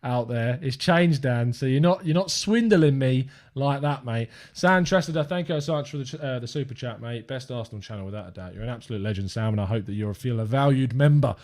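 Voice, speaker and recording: A man's voice: medium pitch, brisk, few pauses, a little mellow. A young man with an English accent hosting a live fan-channel stream, chatting upbeat and rambling to viewers from his desk.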